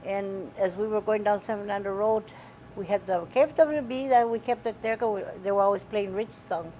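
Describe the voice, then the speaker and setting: Animated woman telling a family story. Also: mid-range voice, fairly quick. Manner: animated storytelling, quoting dialogue. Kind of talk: documentary interview recollection. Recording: dull lo-fi recording with faint hiss.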